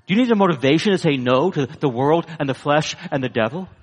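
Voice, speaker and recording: A man's voice: animated, fast talker, husky. Emphatic preacher man in a reverberant hall. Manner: emphatic, rising to high bursts then dropping low for weight. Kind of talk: sermon.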